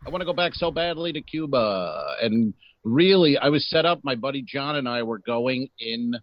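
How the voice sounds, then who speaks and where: A man's voice: medium pitch, expressive, moderate pace, dry recording. A brash, sarcastic man co-hosting a comedy podcast who swears freely as he riffs. His voice sits in a mid register and comes through a dry, slightly dull microphone with no room sound. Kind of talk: casual comedic chat.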